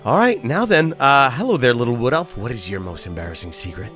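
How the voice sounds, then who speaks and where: A man's voice: mid-range voice, animated, fairly quick, a bit bright, faint music behind, lightly acted. A man voicing a large, nosy male mechanical beholder monster with a clipped, mechanical way of talking in a tabletop game. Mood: prying.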